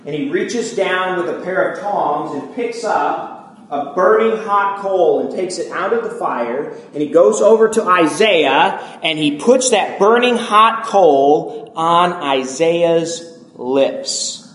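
A male pastor delivers a sermon in an earnest, emphatic way, stacking repeated phrases to drive each point home. His voice sits high for a man. The sound carries a noticeable room echo. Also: expressive, takes it slowly, a bit bright.

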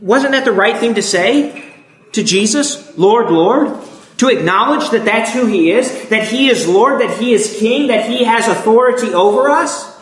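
A man's voice: very high-pitched, expressive, normal speed. A man preaching a sermon, emphatic and asking his listeners rhetorical questions. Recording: echoey room.

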